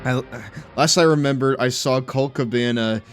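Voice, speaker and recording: A young man in his twenties chats loosely while he plays a game on stream. He rambles, laughs, and fills gaps with ums and likes, in a middle-pitched voice. Faint game music sits behind him. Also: normal speed. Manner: rambling, laughing, lots of fillers. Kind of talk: casual chat while gaming.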